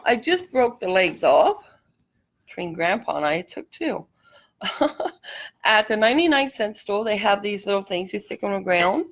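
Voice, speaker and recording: A woman's voice: medium pitch, very animated, moderate pace. A middle-aged woman hosting a casual craft tutorial livestream, chatty and apologetic, a bit out of breath and coughing from allergies. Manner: chatty, apologetic, laughs easily.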